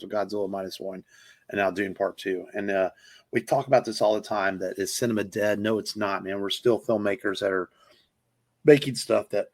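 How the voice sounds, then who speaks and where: A man on a podcast chatting casually about films, enthusiastic and rambling, with lots of fillers and the odd swear word. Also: fairly low pitch. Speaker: podcast co-host. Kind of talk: casual movie review chat.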